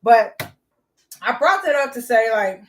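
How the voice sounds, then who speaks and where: High-voiced woman vlogger, blunt and profane storyteller; mic sits at a distance. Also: sing-song, unhurried, slight background noise. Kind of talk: casual storytelling to viewers.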